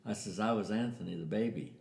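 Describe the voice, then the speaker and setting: A man's voice: fairly low pitch, quick pace, vocal fry, a little mellow. An older man telling a family story in a casual way, acting out the voices of the people in it. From US Southwest. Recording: echoey room.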